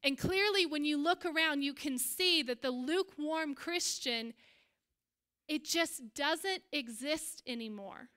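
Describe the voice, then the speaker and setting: Bright, high-voiced woman preaching. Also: measured pace. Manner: animated storytelling preacher. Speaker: pastor. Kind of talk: sermon. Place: church stage.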